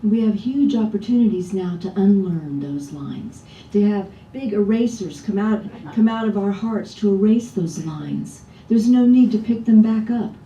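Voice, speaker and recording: A woman minister delivers a relaxed, conversational sermon, frequently posing rhetorical questions to the congregation in a warm, mellow voice at a measured pace with few pauses. She's recorded from some distance in an echoey church sanctuary, and the dull audio has a faint low rumble underneath.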